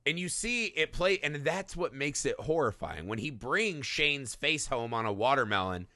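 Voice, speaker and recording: Lively, profane man chatting about a film. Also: medium pitch, no room sound, clean studio sound. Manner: animated, profane, acts out characters in quick bits. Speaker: podcast co-host. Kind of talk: casual movie discussion.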